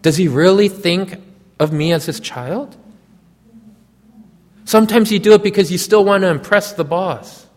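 A man's voice: high-pitched, a little slow, pauses often, in a large hall. A man preaching a sermon, telling a story and speaking directly to his listeners. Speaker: pastor.

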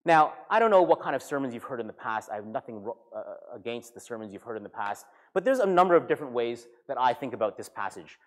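A man, a pastor, preaching a sermon with animated storytelling and acted-out voices. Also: mid-range voice, fast talker, few pauses. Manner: animated storytelling, acting out characters.

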